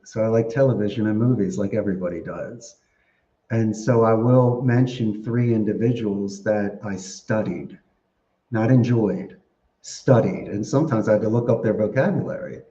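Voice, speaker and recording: A man answering podcast questions in a chatty, animated way, laughing often as he tells stories. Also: on the low side. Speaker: podcast guest. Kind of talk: casual interview answers. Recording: roomy, dull lo-fi podcast audio.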